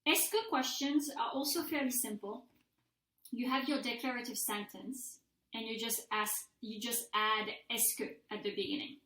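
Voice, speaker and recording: Woman teacher walking students through a lesson, a bit high voice, echoey room. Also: steady tone, normal speed, bright, forceful tone. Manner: patient, methodical, models example sentences aloud. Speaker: French language instructor. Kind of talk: recorded mini-lecture.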